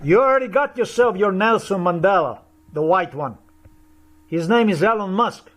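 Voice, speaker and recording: A man's voice: sits high, lively intonation, moderate pace, a bit bright. A man ranting profanely and accusingly in a monologue to camera. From Eastern Europe. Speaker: video commentator.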